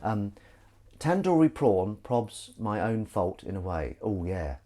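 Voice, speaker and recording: A man's lowish, dark-toned voice moves slowly in a sing-song way. During a casual live-stream chat, he washes dishes in his home kitchen, pans and plates clinking, as he rambles and cracks self-deprecating jokes.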